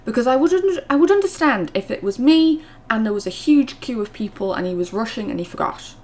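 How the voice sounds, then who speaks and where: A woman's voice: animated, brisk. Chatty woman telling a story. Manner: chatty, many fillers, gets louder and higher when indignant. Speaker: vlogger. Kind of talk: casual storytime vlog.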